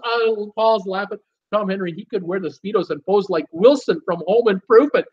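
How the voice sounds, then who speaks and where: A man's voice: high-pitched, normal speed, darkish tone, husky. A middle-aged man hosting a live cruise show, chatting casually and reading viewer comments aloud with a jokey, laughing manner. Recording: dull lo-fi stream audio.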